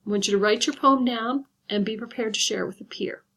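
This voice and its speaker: A woman teaching a class in a fairly high voice. She explains patiently and step by step, and she slows down whenever she counts things out. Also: a bit bright. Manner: patient, instructive, guides step by step. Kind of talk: recorded classroom lesson.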